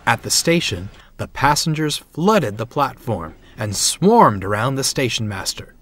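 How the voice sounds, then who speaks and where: A man narrating a storybook tale in a measured, expressive way. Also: medium pitch, background noise. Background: music.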